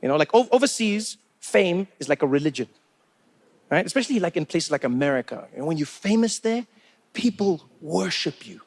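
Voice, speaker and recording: A man's voice: on the high side, big pitch swings, fairly quick, darkish tone. A South African man doing stand-up, telling a story in a chatty, conversational way with many asides, on a comedy club stage into a handheld mic.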